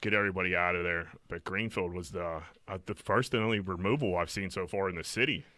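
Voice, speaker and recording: A man's voice: low-pitched, fast, pushed and bright, dry recording. A man in a casual chat, telling profane, rambling stories with lots of restarts.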